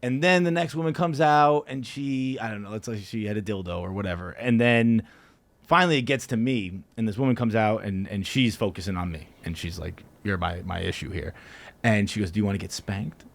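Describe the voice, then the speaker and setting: A man guesting on a podcast, telling a rowdy story casually, laughing and jumping into high yelps when he reenacts his own yells. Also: a little fast, gravelly.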